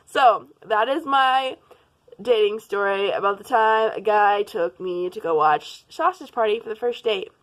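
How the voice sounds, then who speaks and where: A young woman tells a dating story to her vlog viewers, talking in a fairly high voice. She acts out the lines of the people in her story and laughs along the way. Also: moderate pace. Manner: animated, laughing, acts out quotes. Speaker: vlogger. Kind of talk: casual storytime.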